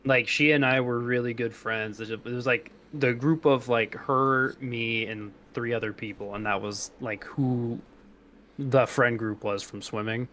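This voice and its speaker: A man's voice: mid-range voice, steady tone, a little slow, pushed and bright, slight background noise. A young man in his twenties co-hosting a casual podcast, telling stories loosely with lots of swearing and laughter. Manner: loose, profane, laughing storyteller. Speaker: podcast co-host. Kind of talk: casual chat.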